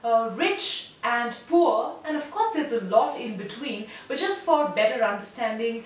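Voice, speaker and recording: A woman giving an online voice lesson as a voice coach, speaking in a measured, instructive way and demonstrating sounds. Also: fairly high pitch, expressive. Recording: very echoey room, voice heard from a distance.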